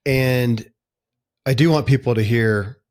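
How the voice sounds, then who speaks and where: A man's voice: mid-range voice, takes it slowly, a little mellow. A man hosting a podcast interview, responding appreciatively and repeating a quote for emphasis. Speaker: podcast host. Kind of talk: casual interview.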